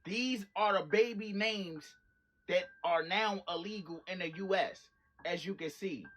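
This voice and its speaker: A man's voice: high voice, a little slow, a bit bright. A man delivering a casual, blunt rant to camera in an indignant, slangy way. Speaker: social media commentator.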